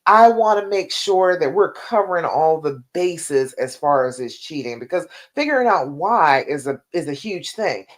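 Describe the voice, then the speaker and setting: A woman coach chatting live to her viewers, her pitch swooping up and down as she stresses points. She talks in a lively, emphatic way, speaking straight to the audience. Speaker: relationship coach. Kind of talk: live-stream advice chat.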